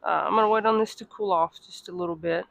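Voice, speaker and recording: A woman vlogging casually to her phone, chatty and self-deprecating, at times out of breath from walking fast outdoors in the cold. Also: on the low side, fairly even intonation, gravelly, no echo, rough recording. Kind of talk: casual travel vlog to camera. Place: outdoors on cold city streets.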